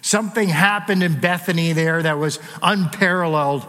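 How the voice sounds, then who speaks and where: A pastor preaching a sermon, building to emphatic points and dropping in light jokes. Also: male voice, on the high side, normal speed, bright, forceful tone, in a large hall.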